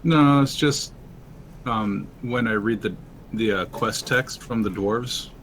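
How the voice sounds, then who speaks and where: A man chatting as a guest on a game stream, talking in a laid-back, rambling way with many pauses and fillers. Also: mid-range voice, a bit bright, a little hiss or hum. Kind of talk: casual voice-chat conversation.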